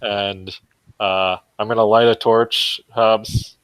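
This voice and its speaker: A man's voice: fairly low pitch, flat delivery, slow pace, clear, resonant tone, no echo, rough recording. A man playing a tabletop game, talking casually as he plans his character's moves aloud. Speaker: player.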